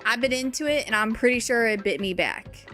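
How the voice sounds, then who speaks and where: A woman's voice: a little high, fairly quick, fairly bright tone, soft background music, lightly acted. A woman voicing a folksy, exasperated Southern storyteller with a put-on American Southern accent, reading a comic story in an exaggerated drawl.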